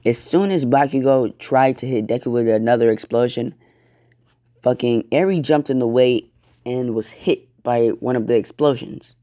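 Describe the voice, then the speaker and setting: A man's voice: mid-range voice, mellow. A man casually narrating an improvised fan story, swearing often and acting out the lines. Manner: casual, swears a lot, acts out quotes.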